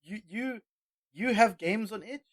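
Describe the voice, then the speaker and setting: A high-voiced man co-hosting a casual podcast, giving his opinions with a lot of energy. He tends to stumble and repeat words when he gets worked up. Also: measured pace, a bit bright. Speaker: podcast co-host.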